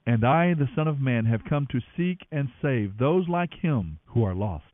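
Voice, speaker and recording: A man voicing Jesus as a calm adult male teacher, gentle but firm, speaking in an earnest, measured way over a dry, tinny line. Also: medium pitch, dry recording, lightly acted. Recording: dry, tinny phone-like sound.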